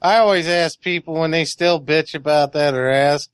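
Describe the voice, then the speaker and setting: A man's voice: fairly high pitch, fairly even intonation, normal speed, smooth, no room sound, clean studio sound. A man on a gaming podcast chatting bluntly and swearing casually.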